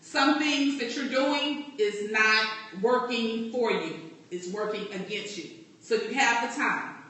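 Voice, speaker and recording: A woman's voice: on the high side, takes it slowly, pushed and bright. A woman life coach giving a direct, encouraging motivational talk to a group. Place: meeting room. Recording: echoey room, distant from mic.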